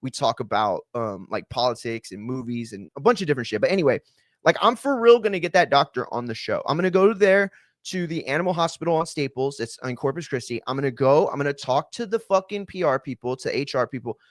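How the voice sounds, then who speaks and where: A man's voice: mid-range voice, animated, fast talker, no room sound, studio quality. A man hosting a podcast, ranting casually with lots of swearing and fillers. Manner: profane, ranting, many fillers. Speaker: podcast host. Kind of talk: casual chat.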